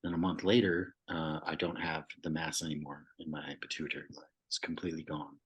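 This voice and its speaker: Podcast guest: young man, very low, husky voice, casual and candid storytelling with filler words. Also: little pitch movement, brisk, rough recording. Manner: candid, loose, swears, many fillers.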